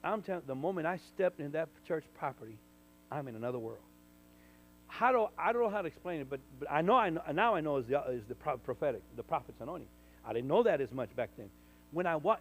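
A man, a minister, telling a personal testimony in conversation, full of restarts and sudden loud bursts. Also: a little high, rough recording. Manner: animated storyteller, stammering restarts, bursts loud when quoting. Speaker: minister, guest.

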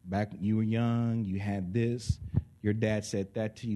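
A man preaching a sermon in an animated way, acting out little voices and laughing along with his listeners. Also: lowish voice, a little slow. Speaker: pastor.

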